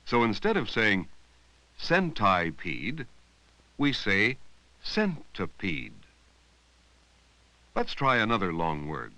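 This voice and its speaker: A man narrating an old educational film about reading long words, speaking slowly and deliberately and stretching out words to show their sounds. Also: fairly low pitch, sing-song, sharp tone, clean tone, no room sound, low-quality recording. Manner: slow, deliberate, drawing out words to teach sounds. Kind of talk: scripted instructional narration. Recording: dry, close voice-over from an old 16mm film.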